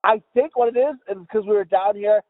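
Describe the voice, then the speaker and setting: A man's voice: high-pitched, fairly quick. A man co-hosting a podcast, rambling and mumbling in casual chat, swearing freely. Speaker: podcast co-host. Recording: tinny phone-like sound with a long reverb tail.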